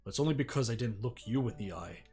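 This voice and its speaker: A man's voice: medium pitch, expressive, fast talker, gravelly, a little mellow, soft background music. A man doing a remorseful, hesitant scientist father.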